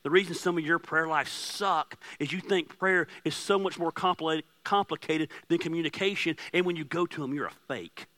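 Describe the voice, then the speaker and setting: A man's voice: a little high, normal speed, hardly any pauses. A man in his forties preaching a sermon as pastor, impassioned and conversational, telling stories about his family with a self-deprecating touch. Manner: impassioned, rising to near-shouting.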